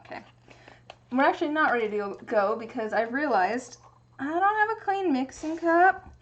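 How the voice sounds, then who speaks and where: A young woman from the US Pacific Northwest is livestreaming from her home craft workspace while making resin dice, chatting casually and thinking out loud. Her voice is high-pitched and animated at a normal speed, though the audio sounds dull.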